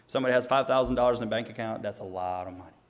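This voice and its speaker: Mężczyzna z ukraińskim akcentem, opowiada. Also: male voice, lowish voice, very fast. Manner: earnest, frequent restarts, acts out quoted dialogue. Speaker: storyteller giving testimony. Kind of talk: personal testimony, casual storytelling.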